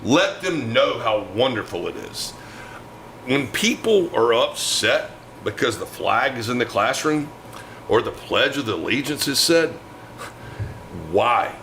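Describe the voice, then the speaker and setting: Angry male talk-show co-host, lively animated rant, bright and forceful tone. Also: on the low side, slight background noise, rough recording. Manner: emphatic, ranting delivery. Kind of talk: opinionated political talk.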